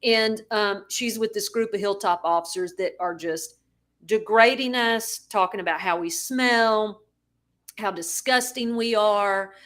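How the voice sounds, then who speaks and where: A woman co-hosting a podcast, telling a story in a lively way and acting out the people she quotes. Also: mid-range voice, unhurried. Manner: animated, acts out quoted voices. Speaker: podcast co-host. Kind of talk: casual storytelling.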